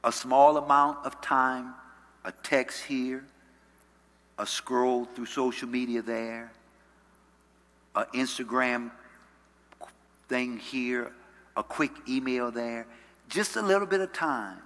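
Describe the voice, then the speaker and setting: A man preaching a sermon as pastor. He uses call-and-response and swings from loud, rising calls to soft, low passages. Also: steady tone, slow pace, pauses often. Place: church sanctuary. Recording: church hall reverb.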